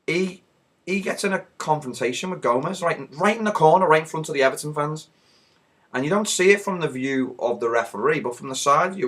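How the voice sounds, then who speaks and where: A hoarse man with a Liverpool accent, recapping a football match in a rowdy, swearing storytelling way. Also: medium pitch, fairly bright tone. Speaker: football fan vlogger.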